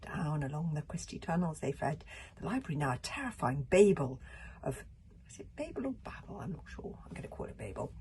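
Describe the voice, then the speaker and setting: A woman's voice: deep voice, expressive, brisk, dark tone, a little hiss or hum. A woman reading a children's book aloud, breaking off to chat and comment on the story. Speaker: reader.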